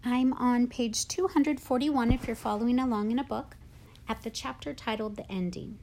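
A woman hosting a read-aloud, narrating a novel with clear, expressive storytelling. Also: fairly high pitch, moderate pace, a little hiss or hum.

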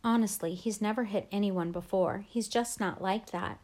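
An anxious, exasperated mother speaks earnestly about her son, as a woman reads her aloud. The storybook voice sits at a plain middle pitch. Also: normal speed, darkish tone, lightly acted. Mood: pleading. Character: worried, exasperated mother of a schoolboy.

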